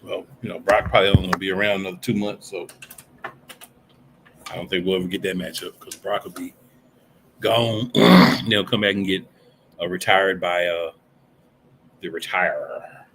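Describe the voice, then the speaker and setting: A man's voice: deep voice, steady tone, moderate pace, pauses often, a bit bright, a little hiss or hum. A man co-hosting a casual wrestling podcast, blunt and dry with a sarcastic edge. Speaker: podcast co-host.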